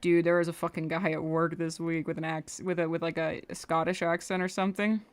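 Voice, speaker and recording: A woman's voice: on the low side, level tone, fairly quick, clean tone. A young woman livestreaming her animation work, chatting casually, rambling and muttering to herself as she draws. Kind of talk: casual chat while drawing on stream.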